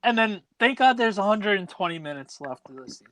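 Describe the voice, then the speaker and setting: A man with a high voice talks sports casually on a podcast, often agreeing and adding opinions. The sound is dry, with no room behind it. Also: animated, bright, forceful tone, no room sound. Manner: agreeable, quick affirmations. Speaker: podcast co-host.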